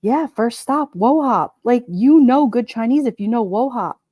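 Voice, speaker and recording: A middle-aged woman with a New York Italian accent hosts a relaxed livestream, greeting viewers by name and riffing on their comments. She talks in a mellow, warm tone, and her voice sits close and dry on the mic. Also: fairly high pitch, unhurried, no echo. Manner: chatty, wisecracking, laughs often. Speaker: livestream host. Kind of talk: casual live chat reading comments.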